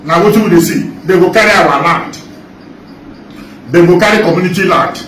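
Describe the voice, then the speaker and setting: A man's voice: high voice, a little fast, a bit bright. A Nigerian man speaking in Nigerian Pidgin, ranting at a protest and repeating his points with passion. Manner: impassioned, repetitive, denouncing. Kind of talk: street protest rant. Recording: echoey, from far off, faint noise.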